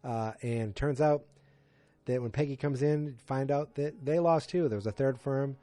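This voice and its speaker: A man's voice: medium pitch, moderate pace, warm tone, dry recording. A man in his forties hosting a casual solo podcast recap, rambling with many fillers and restarts and throwing in exasperated asides. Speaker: podcast host.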